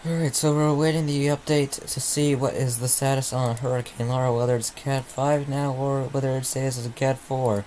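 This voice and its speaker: A sleepy, yawning man hosts an informal live stream of casual commentary, rambling and muttering to himself while he waits for updates. His medium-pitched, darkish voice stays fairly even at a normal speed with few pauses. The low-quality recording has a little hiss or hum.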